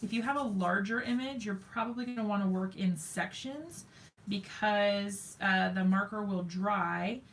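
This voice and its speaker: Woman streamer, unhurried delivery, vocal fry, chatty and self-mocking with her viewers. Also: medium pitch, slight background noise. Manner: talks to viewers while working, thinks aloud, self-mocking. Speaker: craft live stream host. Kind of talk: chatty live crafting demo.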